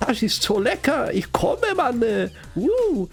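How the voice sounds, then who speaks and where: A man voicing a giddy, unhinged male mad scientist in a shrill, cartoonish mock German accent, pitched well above his own voice. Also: wildly swooping pitch, takes it slowly, creaky, soft background music, exaggerated voice.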